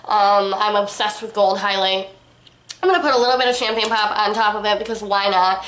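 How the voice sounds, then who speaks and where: A woman's voice: mid-range voice, a little fast, fairly bright tone, a little hiss or hum. A young woman reviewing makeup in a casual, gushing, chatty way, talking straight to her viewers. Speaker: beauty vlogger. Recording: echoey room.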